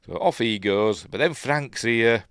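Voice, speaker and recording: A man's voice: medium pitch, smooth, no room sound, studio quality. A man with a Yorkshire accent hosting a film review podcast, talking casually through the film and chuckling at his own asides.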